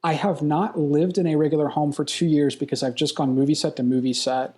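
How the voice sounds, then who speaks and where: Fast, excited male filmmaker guest. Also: a little high. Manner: enthusiastic, rambling, quick bursts. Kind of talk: casual interview chat. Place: hotel room.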